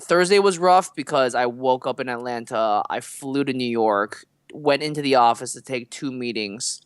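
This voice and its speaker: A man co-hosting a podcast with a smooth, resonant voice, recorded close and dry. He tells his story in a loose, rambling way, full of fillers and asides. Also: medium pitch, moderate pace, dry recording. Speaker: podcast co-host. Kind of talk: casual storytelling chat.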